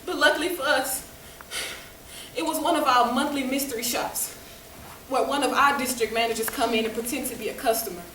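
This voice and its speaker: A woman's voice: high voice, fairly even intonation, fairly quick, a bit bright. A woman giving a dramatic first-person story, acting out the dialogue vividly. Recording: echoey room, distant mic, faint noise.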